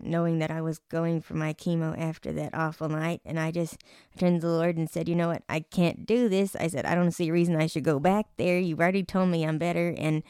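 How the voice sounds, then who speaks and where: Woman host chatting about faith, smooth clear voice, laughs a lot as she tells stories, dry close sound. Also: deep voice, no room sound. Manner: animated storytelling, laughs often. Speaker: host interviewing her mother. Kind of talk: casual faith conversation.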